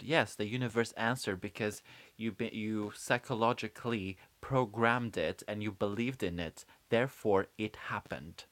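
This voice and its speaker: A man's voice: lowish voice, normal speed, a bit bright, dry recording. A man co-hosting a casual comedy podcast, rambling and joking, now and then slipping into put-on voices. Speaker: podcast co-host.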